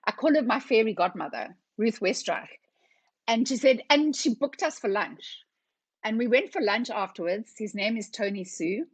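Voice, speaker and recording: A woman's voice: fairly high pitch, normal speed, breathy edge, dry recording. A middle-aged woman, a company founder telling her story as a podcast guest and acting out the conversations. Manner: lively storyteller who acts out conversations. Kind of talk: casual storytelling interview.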